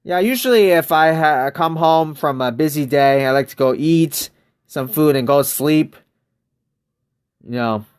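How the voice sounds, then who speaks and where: A man's voice: on the high side, measured pace, clear, resonant tone. A man streaming a mobile basketball game, chatting casually and greeting viewers from chat.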